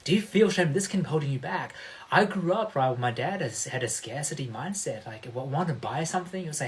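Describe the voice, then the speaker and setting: Male coach, slightly high voice, emphatic and motivational, livestream host who keeps checking in with his audience. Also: animated, brisk.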